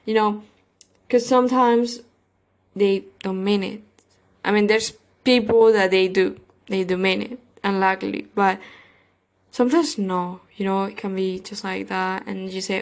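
A woman's voice: mid-range voice, flat delivery, moderate pace. A woman hosting her own podcast, talking casually and rambling, with many fillers and loose grammar. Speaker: podcast host. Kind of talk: casual solo podcast monologue.

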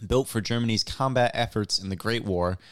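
A man with a bright, lively edge to his voice reads a news item aloud in a casual comedy chat. His pitch sits a little low, and he slips into giggles easily. He talks at a desk mic but keeps leaning away from it. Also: brisk, smooth. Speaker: co-host. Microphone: desk mic, drifts away from it.

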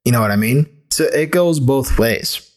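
A man's voice: mid-range voice, animated, normal speed. A man in his thirties, from the United States, giving a candid, rambling personal monologue as a podcast host, with frequent restarts.

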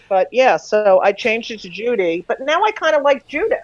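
A woman's voice: on the high side, a little fast, background noise. A woman, an author and guest on a podcast, telling stories in casual chat and swearing freely. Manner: profane, lively storyteller.

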